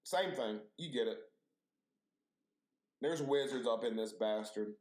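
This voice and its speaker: A man with a mid-range voice hosts a podcast, speaking slowly but with animation. In a casual chat, he tells stories that are profane and wildly exaggerated.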